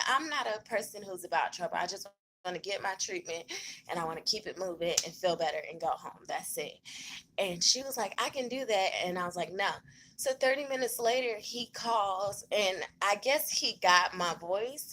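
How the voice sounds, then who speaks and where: A woman vlogging casually from a hospital room, telling a story in an animated, conversational way. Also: mid-range voice, rough recording. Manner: animated, conversational, many fillers.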